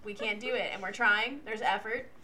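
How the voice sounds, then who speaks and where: A woman co-hosting a podcast, chatting in a quick, playful, giggly way. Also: mid-range voice, steady tone, bright, forceful tone. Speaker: podcast co-host and teacher. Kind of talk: casual chat.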